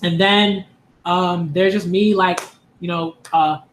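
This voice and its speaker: A man's voice: high-pitched, fairly even intonation, takes it slowly, fairly bright tone, a little hiss or hum. A young man from Queens, talking casually to camera in a rambling way, full of "like" and "um" and restarts. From Hollis, Queens, New York. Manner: rambling, many fillers and restarts. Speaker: anime and manga video host.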